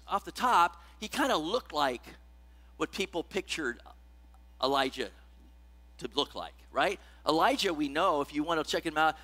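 A man's voice: high voice, bright, forceful tone. A man preaching a sermon in a conversational way, often checking in with the congregation and reading scripture with rising emphasis. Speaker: pastor.

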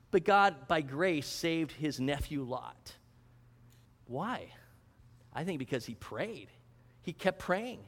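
A man preaching a sermon with a high voice, talking to his listeners and acting out prayers. His voice rings with long reverb. He asks questions, then answers them himself. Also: fairly bright tone. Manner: acts out prayers and a mock auction. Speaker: pastor.

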